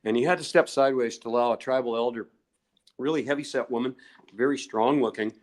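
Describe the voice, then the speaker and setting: A man's voice: medium pitch, quick pace. An older man, a guest researcher, telling long digressive stories in a podcast interview and chuckling often.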